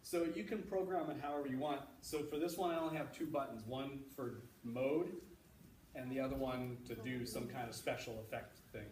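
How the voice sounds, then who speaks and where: Speaking at normal speed with a medium pitch and a somewhat dark tone, this man is an electrical engineer guest-lecturing children in a school library. He explains patiently and casually, stumbling through plenty of fillers and restarts, captured from afar in an echoey space with a bit of background noise.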